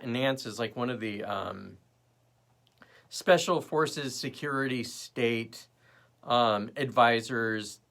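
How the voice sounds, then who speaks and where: A young man hosting his own commentary show, ranting with sarcastic edge. His voice is bright and forceful, and his pitch swings widely as he rants. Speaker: host. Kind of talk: casual political commentary.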